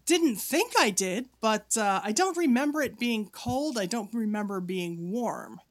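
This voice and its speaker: A woman's voice: fairly high pitch, lively intonation, unhurried. A woman co-hosting a casual podcast chat, animatedly telling a spooky story and acting out the dialogue. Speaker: podcast co-host.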